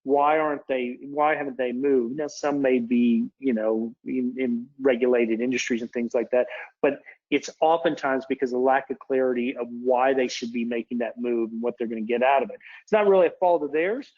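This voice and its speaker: A man's voice: medium pitch, fairly even intonation, normal speed. A man giving a casual, chatty webinar presentation, digressing and interrupting himself as he talks. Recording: dull lo-fi webinar audio.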